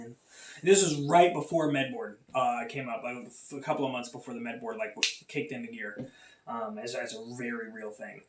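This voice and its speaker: A man's voice: mid-range voice, echoey room, distant mic. A man hosting a podcast, telling a personal story in a casual, rambling way with many fillers and restarts. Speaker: podcast host.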